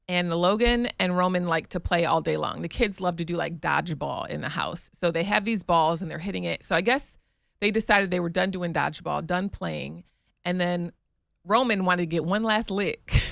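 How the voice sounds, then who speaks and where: A woman in her thirties co-hosts a relaxed chat and spins a family story with plenty of lively back-and-forth. Her voice has a gravelly fry running through it, and the sound is close and dry with no room around it. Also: lowish voice, no echo. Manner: lively storyteller who acts out family scenes. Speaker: podcast co-host. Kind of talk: casual chat.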